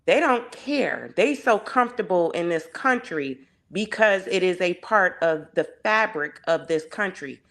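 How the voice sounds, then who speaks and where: A woman in a casual panel discussion, her voice sitting on the lower side and moving at an unhurried pace. She argues with passion and fires off rhetorical questions one after another. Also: lively intonation, fairly bright tone. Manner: impassioned, heavy on rhetorical questions.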